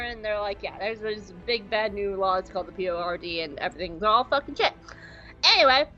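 A woman's voice: medium pitch, fairly bright tone. A woman co-hosting a podcast who gives a casual, rambling and giggly episode recap, swearing freely. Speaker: podcast co-host. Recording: slightly dull podcast audio, faint music.

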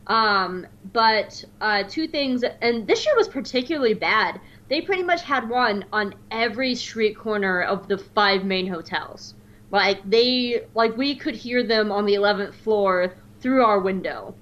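A woman in casual podcast chat, telling animated stories and jumping up high when she mimics other people. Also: a little slow, highs cut off. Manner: animated storyteller, mimics voices with high squeals.

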